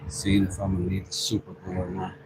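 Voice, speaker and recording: A man's voice: sits low, completely flat delivery, fairly quick. A man hosting a casual livestream from his woodworking shop, joking and greeting viewers by name. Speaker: livestream host. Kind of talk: casual livestream chat while working. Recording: noisy shop ambience.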